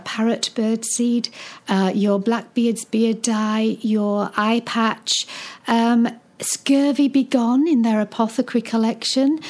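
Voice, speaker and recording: A woman's voice: on the high side, darkish tone. A woman, founder of a children's charity, talking eagerly in an interview with frequent ums and restarts. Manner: enthusiastic, hesitant with many fillers and restarts. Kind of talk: conversational interview.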